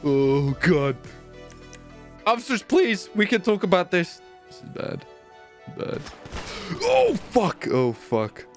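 A man's voice: sits high, wildly swooping pitch, takes it slowly, long pauses, faint music behind. A man streaming a robbery roleplay in a game, panicky and swearing with frequent exclamations. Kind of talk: frantic gameplay roleplay.

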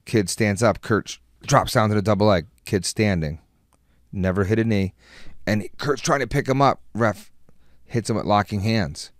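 A middle-aged man with a low voice, chatting as a guest and spinning rambling, profane stories through bursts of laughter. His voice is close and dry, with no room sound around it. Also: moderate pace, no room sound. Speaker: podcast guest. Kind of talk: casual chat, storytelling.

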